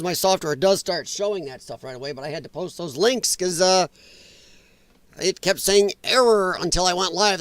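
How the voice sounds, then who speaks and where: Through his own microphone in a dry recording, a man hosts a casual political livestream in a high-pitched, fairly bright voice. His tone is chatty and sarcastic, with frequent laughter and slight strain.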